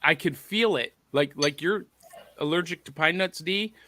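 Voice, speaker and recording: A man's voice: a little high, normal speed, pushed and bright, a little hiss or hum. A man hosting a podcast, reading out viewer comments in a playful, jokey, casual chat. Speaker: podcast host.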